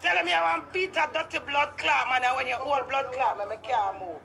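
A woman's voice: sits high, a little fast, vocal fry, background noise. A Jamaican woman ranting heatedly to camera, cursing freely in patois. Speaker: vlogger. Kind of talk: ranting street vlog.

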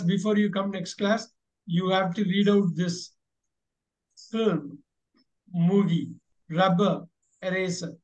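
A man's voice: high voice, darkish tone. A man teaching a class online, encouraging his students and repeating his instructions with many fillers. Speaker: English teacher. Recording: dull lo-fi recording.

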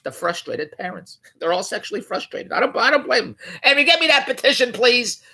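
A man's voice: very high-pitched, very animated, brisk, pushed and bright, husky. A man riffing in a rambling, mocking way on a news article, often correcting himself. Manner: rambling, digressive, self-correcting; incredulous, mocking. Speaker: vlogger.

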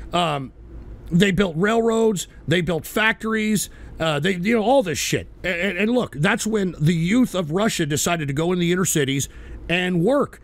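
An American man hosting a radio show, ranting about politics with heavy profanity and shouted bursts. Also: fairly high pitch. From United States. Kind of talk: angry political rant.

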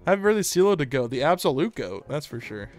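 Animated male streamer chatting with viewers. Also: a little high, fast, soft background music. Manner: joking, talks to chat, lively bursts of laughter. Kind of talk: casual live-stream chat.

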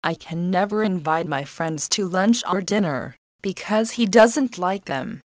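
A woman's voice: on the low side, animated, dry recording. Grumbling unhappy sister, read by a woman. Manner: slow, plain, careful storybook reading.

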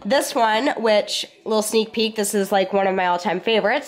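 Talking to the camera in a casual vlog, a bubbly twenty-something woman chats away, swearing often, her voice congested and nasal from a cold. She has a mid-range voice at normal speed, with slight background noise.

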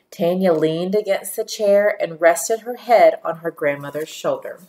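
A woman reading a children's storybook aloud in a gentle, steady storytelling manner. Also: on the low side, a little slow, few pauses. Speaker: narrator.

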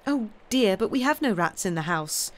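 A woman's voice: medium pitch, lively intonation, moderate pace, pitched above the performer's own voice, natural voice. A woman voicing a placid older lady who grows flustered and fussing in a storybook reading.

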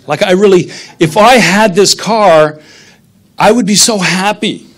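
A man's voice: sits high, a little slow, fairly bright tone. A middle-aged man, a pastor, preaching a sermon in a conversational, humorous storytelling manner.

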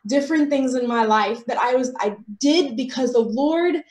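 A woman's voice: high voice, normal speed, roomy sound. Earnest American woman giving an emotional testimony. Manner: emotional, earnest, swings from soft to excited. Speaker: author and speaker. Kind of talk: faith testimony talk.

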